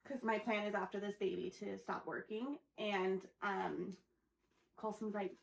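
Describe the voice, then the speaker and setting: A young woman co-hosting a podcast, chatting quickly and recounting her son's funny remarks. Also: mid-range voice, fairly even intonation, gravelly, reverberant, a little hiss or hum. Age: young adult. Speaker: podcast co-host. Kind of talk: casual chat.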